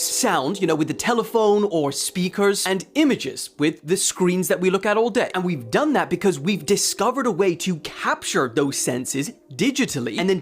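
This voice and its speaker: A woman narrating a science news explainer with excitement and emphasis, dropping low for asides.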